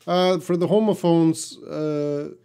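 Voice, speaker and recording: A man's voice: on the high side, fairly even intonation, slow pace, dark tone, clean tone. A man from Canada, an English teacher, reading out viewer questions on a live stream and answering them in a plain, direct, sometimes blunt way.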